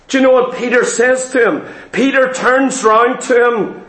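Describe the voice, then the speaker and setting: A male preacher giving an emphatic sermon in church, repeating key phrases and slowing down to stress them. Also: very high-pitched, fairly bright tone, echoey room, low-quality recording.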